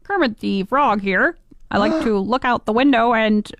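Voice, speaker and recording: A woman's voice: on the high side, animated, normal speed, fairly bright tone, no echo. Kermit, as a woman does him. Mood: chipper. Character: cheerful male frog puppet.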